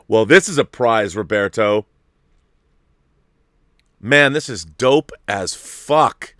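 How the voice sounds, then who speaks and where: A man hosting a casual live-stream chat, excitable and gushing, rambling with restarts. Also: fairly low pitch, slow pace, long pauses, no room sound, studio quality. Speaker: host.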